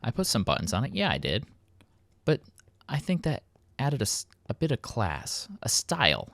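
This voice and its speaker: A man's voice: mid-range voice, wildly swooping pitch, moderate pace, gravelly, a bit bright, no room sound. A man hosting a casual gameplay commentary, rambling and poking fun at himself. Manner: rambling, self-mocking, playful. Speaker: let's play host.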